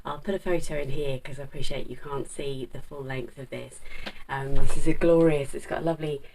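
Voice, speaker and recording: A woman's voice: a bass voice, fairly even intonation, a little fast, vocal fry, dark tone, recorded from a distance, a little hiss or hum, low-quality recording. A middle-aged woman, chatting casually to camera about her sewing, rambling with plenty of fillers and restarts. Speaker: sewing vlogger.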